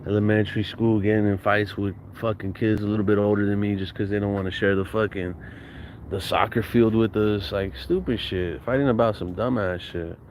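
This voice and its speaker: A man's voice: lowish voice, steady tone, a little fast, darkish tone, slight background noise. A man from Southern California tells stories from his childhood in casual, slangy, profane talk and laughs often. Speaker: podcast guest storyteller. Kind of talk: casual storytelling.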